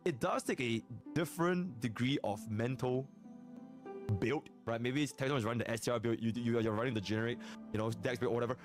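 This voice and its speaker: A man giving calm, reflective commentary on online drama, using gaming analogies. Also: medium pitch, fairly quick, music in the background. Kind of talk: measured commentary.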